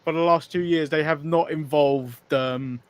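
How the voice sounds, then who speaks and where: Male co-host, high-pitched and giggly, long run-on recaps, dry recording. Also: fairly even intonation, unhurried, clear, resonant tone, no echo. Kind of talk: casual podcast recap.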